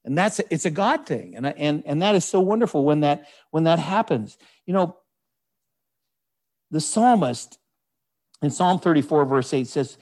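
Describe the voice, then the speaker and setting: Man, pastor, folksy sermon, chatty asides, slightly high voice. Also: very animated, a little mellow. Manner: conversational, folksy, frequent "you know" asides; reads scripture aloud in measured voice.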